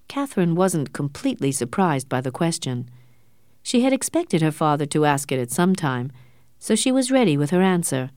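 A woman reads a novel aloud in a steady, clear storytelling manner. Her voice sits low for a woman, and the sound is dry and close to the mic with no room around it. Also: normal speed, no room sound. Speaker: narrator. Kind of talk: scripted audiobook narration.

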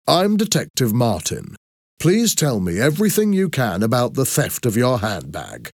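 A man reading an audiobook and voicing a calm, businesslike police detective. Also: mid-range voice, moderate pace, dry recording, clean studio sound, pitched above the performer's own voice. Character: firm, polite male police detective.

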